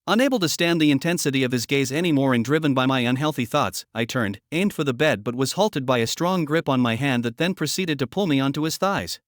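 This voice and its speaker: A man giving a scripted first-person audiobook narration in a steady, even reading manner. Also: medium pitch, a little fast, hardly any pauses, dry recording, studio quality. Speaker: story narrator.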